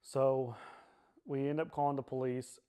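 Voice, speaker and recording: A man tells his own story in steady, even tones with little rise or fall. His speech is halting, with restarts, repeated phrases and frequent fillers as he works through what happened, and it sounds like a personal testimony. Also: medium pitch, clean tone.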